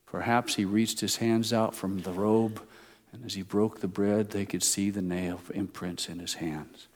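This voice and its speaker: A man preaching a sermon, retelling a story, swinging between loud emphasis and soft, slow asides. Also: fairly low pitch, steady tone. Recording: long hall reverb.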